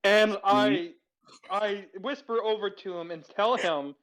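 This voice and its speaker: A man playing a tabletop game, speaking in a calm, measured and formal way as his character. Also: high-pitched, rough recording. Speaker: player. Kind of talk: in-character tabletop role-play.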